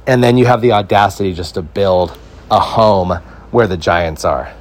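With a low voice at a normal pace, a young podcast host from California spins rambling, funny stories full of slang and swearing.

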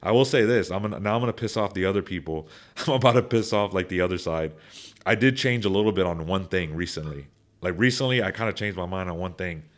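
A young man chatting casually on a podcast, rambling with many restarts and repeated words, now and then turning animated. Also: deep voice, quick pace. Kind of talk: casual opinion chat.

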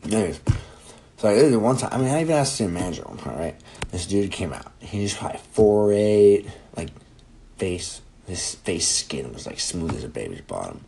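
A young man in his twenties hosts a solo podcast with a very low, deep voice. He rambles, jokes and swears freely. A faint hum sits behind his voice. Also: very animated, normal speed, creaky, mellow, poor audio. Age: 20s. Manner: profane, rambling, jokey. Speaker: podcast host. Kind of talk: casual solo podcast monologue.

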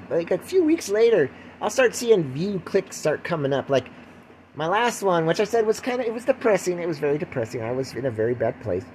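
Lying at home with the window open, an older podcast host rambles on alone, mocking himself and breaking into put-on voices. He sounds a little high and a little mellow, with slight background noise.

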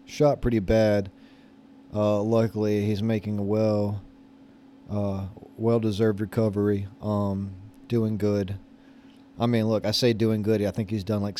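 Man, thirties, casual storytelling, hesitant, lots of fillers, deep, warm. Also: slight background noise. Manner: rambling, hesitant, full of fillers and restarts. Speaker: vlogger telling a story. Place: lives in Florida.

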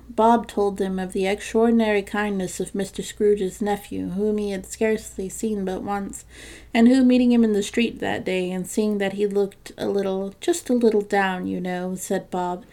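Woman narrator, storybook reading, gentle and measured, vocal fry. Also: medium pitch. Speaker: podcast narrator. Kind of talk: storybook reading of a classic tale.

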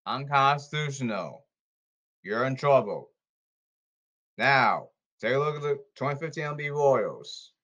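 Brief: male solo podcast host, mid-pitched voice, rambling, repeats himself, emphatic stop-start delivery. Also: animated, measured pace, sharp tone, highs cut off.

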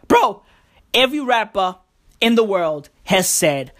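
A woman's voice: medium pitch, big pitch swings, a little slow. A woman hosting a podcast, riffing a freestyle comedic monologue, rambling and profane and calling the listener "bruv". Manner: rambling, profane, repeats slang address "bruv". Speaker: podcast host.

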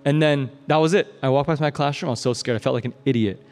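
A man from the Midwestern United States preaching a sermon in a casual, animated storytelling style, often asking "right?" and using fillers. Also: medium pitch, quick pace. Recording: long hall reverb.

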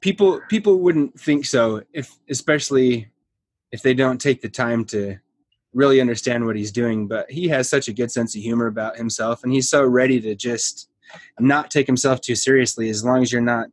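A man hosting a podcast, easygoing and quick to laugh in casual chat. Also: medium pitch, husky, dry recording. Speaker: podcast host.

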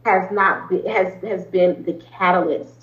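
Speaking in a lowish voice at a measured pace and a steady tone, a woman therapist talks as an interview guest. She gives long, earnest explanations full of ums and restarts in a conversational style, captured in a roomy, slightly dull recording.

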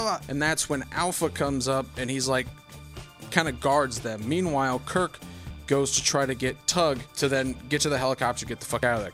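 A man's voice: medium pitch, fairly bright tone. A man casually recapping a movie plot, rambling and swearing a lot, now and then acting out lines in silly voices.

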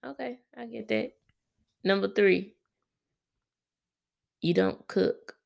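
A woman's voice: mid-range voice, slow pace, vocal fry, a little mellow. A woman talking with her husband in a casual couple's chat, hesitant and reflective, explaining her point through examples. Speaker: wife in a couple's vlog.

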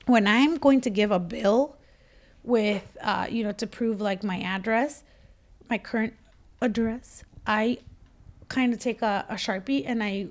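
Animated woman host, slightly high voice, casual anecdote-style delivery. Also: a little slow. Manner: animated, laughing, acts out quotes. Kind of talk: casual storytelling chat.

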